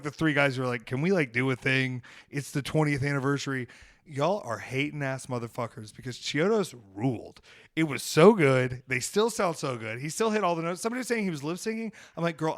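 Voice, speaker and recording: A man hosting a podcast, telling a story in casual chat, animated and swearing freely as he acts out what people said. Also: mid-range voice, dry recording, clean studio sound. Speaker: podcast host.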